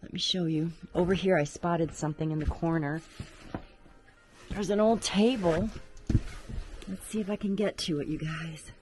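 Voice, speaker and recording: A woman vlogger narrating as she explores an abandoned farmhouse attic, chatty and exclaiming at creaking floors, recorded on a handheld camera. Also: fairly low pitch, steady tone, moderate pace, long pauses, a little mellow, soft background music.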